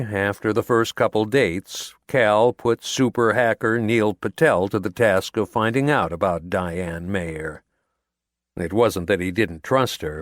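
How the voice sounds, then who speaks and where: A male audiobook narrator with a somewhat low voice, reading at an unhurried, deliberate pace. His delivery is measured and steady. The recording is dry and close, as from a voice-over booth. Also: no echo. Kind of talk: scripted narration.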